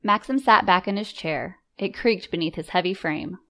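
A woman reading a story aloud in measured, composed first-person narration. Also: fairly low pitch, fairly bright tone. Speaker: audiobook narrator.

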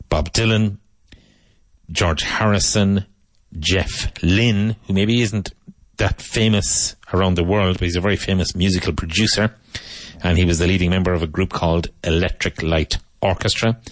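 A man from Ireland, teaching a vocabulary lesson and repeating each word slowly and clearly. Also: low voice, no echo. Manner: slow, emphatic repetition of each word. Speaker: English teacher.

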